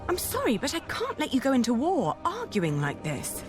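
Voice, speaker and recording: A woman's voice: high-pitched, wildly swooping pitch, normal speed. A sensible, pleading young noblewoman. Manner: reasoning, pleading. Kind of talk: game voice acting. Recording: game audio with loud music.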